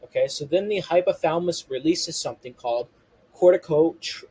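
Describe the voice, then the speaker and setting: A man's voice: on the high side, fairly quick, mellow, slightly rough, low-quality recording. A man explaining a health topic to viewers as a coach, step by step, with "okay" and "you know" as constant fillers. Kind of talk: explanatory health lesson to camera.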